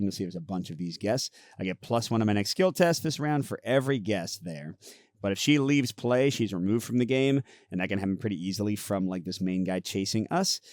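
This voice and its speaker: Low-voiced man explaining game rules. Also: no room sound, clean studio sound. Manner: relaxed, explaining rules as he goes. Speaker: host. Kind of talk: casual game playthrough and review.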